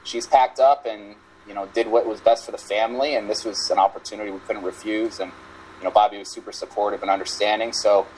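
A man's voice: on the low side, steady tone, fast talker, darkish tone, a little hiss or hum, rough recording. A man in his thirties, a strength coach and podcast guest, talking reflectively in a rambling, casual way over a video call. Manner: reflective, rambling, many "you know" fillers. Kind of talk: casual interview chat.

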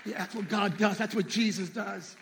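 A man preaching a sermon as pastor, swinging between shouted exhortation and hushed asides. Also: high voice, normal speed, creaky, crowd noise, noisy background.

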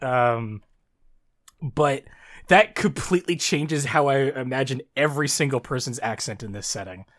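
A podcast co-host from Southern Ontario, near Toronto, chats casually in a mid-range voice at a moderate pace, with a Southern Ontario Canadian accent. The talk rambles, with plenty of swearing, frequent laughter, and lots of restarts.

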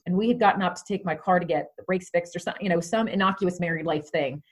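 A woman's voice: fairly low pitch, quick pace. A woman in her forties, a podcast guest, telling a personal story in a conversational way with many fillers.

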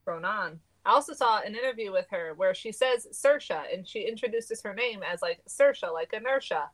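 A woman co-hosts a relaxed podcast with friends. She speaks in a matter-of-fact way at an ordinary, mid-range pitch. She is quick to set the others straight. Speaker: podcast co-host. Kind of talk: casual chat.

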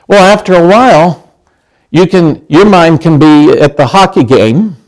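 A middle-aged man preaches in a loose, chatty way, often stopping to ask his listeners a question. His voice sits a little higher than most men's. He restarts phrases often, as if talking with friends. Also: a little slow, poor audio. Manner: chatty, asks the congregation questions, many restarts. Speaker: pastor. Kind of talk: conversational sermon.

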